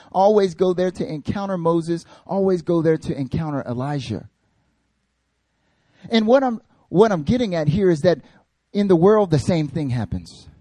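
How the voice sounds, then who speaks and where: A man's voice: sits high, dry recording. A male pastor telling funny stories in a sermon, joking with his congregation. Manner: animated, jokey, talks to the congregation. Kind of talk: comedic sermon storytelling.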